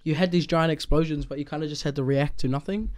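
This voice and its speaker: A man's voice: fairly high pitch, fairly even intonation, fast, a little mellow, no room sound. A young man with a New Zealand accent, an actor chatting loosely in an interview, full of "like" and "um". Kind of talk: casual interview chat.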